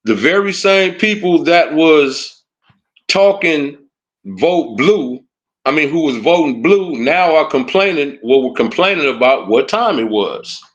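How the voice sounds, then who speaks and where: A man's voice: a little high, expressive, a little slow. Heated man ranting on a livestream. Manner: heated, taunting, repeats "you know what I'm saying" and "huh". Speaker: livestream commentator. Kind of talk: casual livestream rant.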